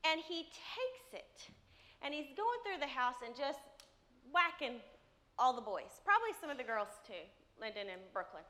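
A woman speaks from a church stage in a high, bright voice, telling a family story with lots of laughter. She speaks slowly, and her pitch leaps up and down as she acts out each scene. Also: sing-song. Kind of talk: sermon storytelling.

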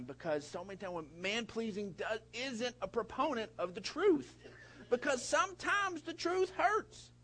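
Animated folksy male preacher. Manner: animated preaching with big swings in pitch and loudness; folksy, repeats words and restarts. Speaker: pastor. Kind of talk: sermon.

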